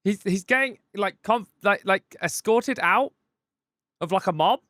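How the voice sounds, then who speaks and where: A man's voice: high voice, unhurried, pushed and bright, dry recording, studio quality. A man streaming a reaction video, chatting casually, stumbling over restarts and swearing freely. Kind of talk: casual chat.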